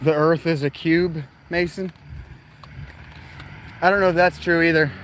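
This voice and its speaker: Brief: man, slightly high voice, rambling livestream host chatting on a night walk outdoors, phone mic. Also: fairly even intonation, unhurried, fairly bright tone, a little hiss or hum. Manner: rambling, answering chat while walking. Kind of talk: casual livestream chat. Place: outdoors at night near parked cars.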